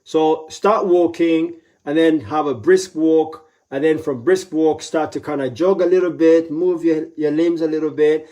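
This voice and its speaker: A man's voice: fairly high pitch, fairly even intonation, unhurried, hardly any pauses, warm tone. A middle-aged man giving a live motivational talk, repeating his advice with emphasis and acting out little voices for effect. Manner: repetitive, emphatic advice with playful voiced asides. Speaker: motivational speaker.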